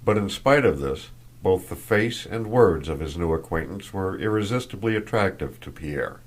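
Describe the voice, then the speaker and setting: A man reading a classic novel aloud as an audiobook narrator, in a measured, even delivery. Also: low-pitched. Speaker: audiobook reader. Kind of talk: scripted narration.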